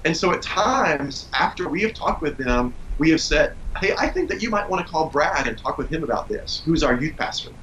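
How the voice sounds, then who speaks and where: A man in his forties, talking in an earnest, calm way as he gives parenting advice and tells a family story in an interview. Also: a little high, moderate pace, few pauses, a little hiss or hum, rough recording. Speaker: parenting guest.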